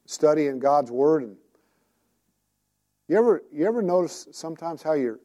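A man's voice: a little high, animated, moderate pace, dark tone. A man preaching a sermon in a conversational, storytelling way, often asking his listeners direct questions.

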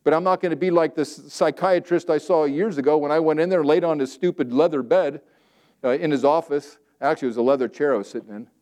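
A male pastor preaching a sermon, swinging between loud emphatic declarations and quiet, conversational asides. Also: fairly high pitch, quick pace.

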